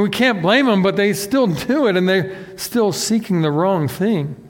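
Man preaching, high-pitched voice, animated, conversational sermon, long hall reverb. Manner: animated, self-deprecating, acts out quotes. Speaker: pastor.

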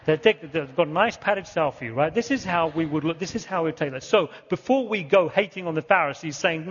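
A man from Britain preaching a sermon, telling the story with lively emphasis and repeating key words. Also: on the high side, brisk, few pauses, slightly rough, in a large hall, highs cut off.

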